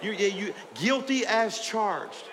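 A male pastor preaching a fervent sermon, shouting and calling out to his congregation in a church sanctuary. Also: high-pitched, lively intonation, slow pace. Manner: fiery, preaching with shouts and call-outs to the congregation. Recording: long hall reverb, faint crowd and noise.

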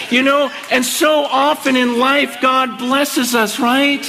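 A man preaching a sermon in an excitable, conversational storytelling way. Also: very high-pitched, measured pace, creaky, few pauses, in a large hall. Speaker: pastor.

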